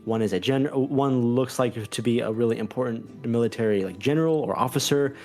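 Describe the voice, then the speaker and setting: A man narrating a tabletop game as game master, halting and full of fillers and restarts. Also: mid-range voice, darkish tone, faint music behind.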